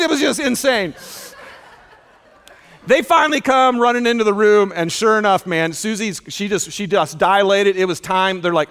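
A man preaching a sermon in an auditorium, telling stories with lively acted-out dialogue. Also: a little slow, long pauses. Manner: animated storytelling, acts out dialogue with loud high shouts. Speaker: pastor.

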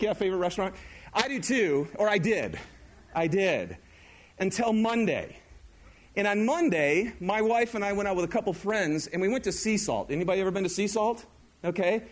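Male pastor, middle-aged, bright high voice, lively conversational sermon that keeps questioning the audience.

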